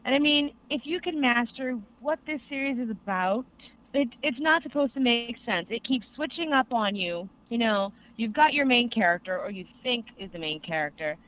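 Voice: medium pitch, normal speed. Rambling young podcast co-host, tinny sound. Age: young adult. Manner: rambling, excitable storytelling with many fillers. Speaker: co-host reviewing anime. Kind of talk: casual podcast chat.

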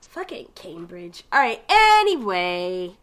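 A woman with a Boston accent co-hosting a casual podcast, brash and quick to swear and laugh. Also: mid-range voice, big pitch swings, a bit bright. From Massachusetts. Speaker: podcast co-host. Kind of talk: casual chat.

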